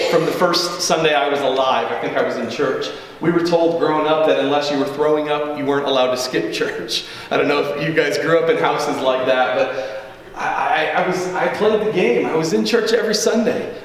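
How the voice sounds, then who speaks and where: A pastor delivers his sermon in an earnest, conversational way, often turning to the congregation with asides. His voice sits a little high for a man. The sound carries a long hall echo from a church sanctuary, and he stands some distance from the mic. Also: a little hiss or hum.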